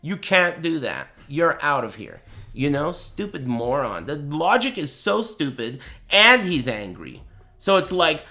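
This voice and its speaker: Animated, profane male streamer. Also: a little high, a little slow, gravelly. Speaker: streamer reacting to a tournament. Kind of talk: casual livestream rant.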